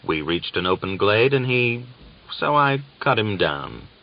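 A man's voice: lowish voice, sing-song, a little slow, highs cut off. A man voicing a cold, menacing cavalry soldier who speaks curtly and sneers. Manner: curt and sneering.

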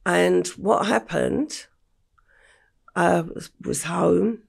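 An older woman from England, telling her life story in an interview at a slow, matter-of-fact pace. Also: on the low side. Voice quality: gravelly, husky voice. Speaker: podcast guest.

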